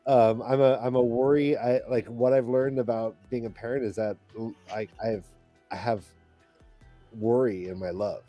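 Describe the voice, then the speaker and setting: A middle-aged man co-hosting a podcast, speaking in halting, heartfelt restarts while holding back tears. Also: mid-range voice, fairly even intonation, dark tone, soft background music. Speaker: podcast co-host. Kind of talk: casual panel chat.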